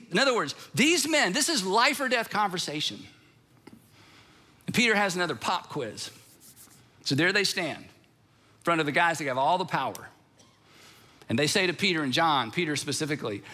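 Middle-aged man, pastor, sermon; high and bright, animated storyteller who voices the quotes. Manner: animated storytelling, acting out quotes with big pitch swings.

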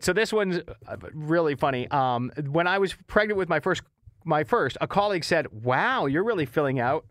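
A man's voice: a little high, fairly bright tone, no echo. A man hosting a radio morning show from a studio microphone, chatty and reacting with mock outrage as he reads texts and runs a quiz. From Canada. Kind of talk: casual radio chat.

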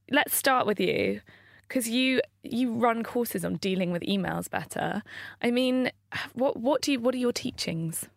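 A woman's voice: medium pitch, vocal fry, no echo, clean studio sound. A woman hosting a podcast in a chatty, upbeat manner. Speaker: podcast host.

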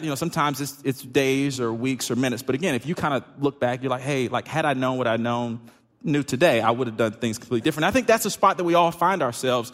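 A middle-aged pastor, preaching a sermon in a loose, conversational way with lots of fillers. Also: male voice, medium pitch, a bit bright. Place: church sanctuary. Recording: hall reverb.

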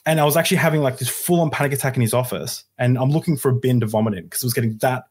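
A man's voice: medium pitch, racing, breathy edge. A man hosting a podcast, telling a personal story in casual chat and acting out the quoted dialogue with energy. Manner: animated, acts out quoted dialogue. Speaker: podcast host.

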